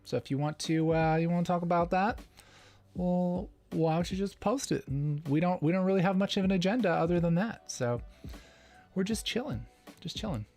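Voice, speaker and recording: A man's voice: high voice, normal speed, darkish tone, soft background music. A man hosting a casual livestream Q&A, playful and chuckling often as he reads the chat. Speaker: livestream host.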